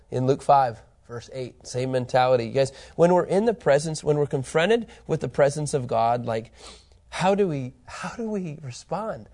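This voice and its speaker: A man teaching a Bible study, animated and emphatic, reading scripture aloud with building intensity. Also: medium pitch.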